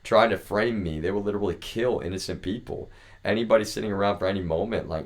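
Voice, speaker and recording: A man's voice: fairly low pitch, moderate pace. A man livestreaming, ranting angrily and profanely at the people he blames, repeating himself as he goes. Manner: profane, heated, repetitive. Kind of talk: angry ranting stream talk.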